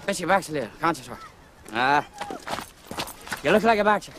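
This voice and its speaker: A man's voice: fairly high pitch, lively intonation, fairly quick, background noise, voice pushed up, close to an everyday voice. A man putting on a brash Irish traveller's voice, mumbling and over the top with an Irish accent.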